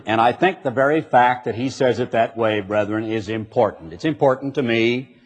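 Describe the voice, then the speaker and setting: Husky-voiced man preaching a sermon. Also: medium pitch. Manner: emphatic, animated, reads scripture slowly. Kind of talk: sermon with folksy storytelling.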